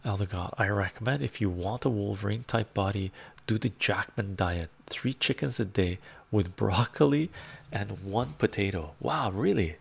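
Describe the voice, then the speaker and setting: A man hosting a casual live stream, soft-spoken and laid-back, reading chat, chuckling often and drifting into whispers. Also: fairly low pitch, normal speed, vocal fry, husky. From Canada.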